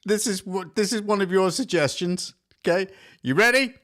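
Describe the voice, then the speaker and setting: A man's voice: high voice, moderate pace, fairly bright tone. A man hosting a casual chat, playful and teasing as he steers the talk. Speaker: podcast host.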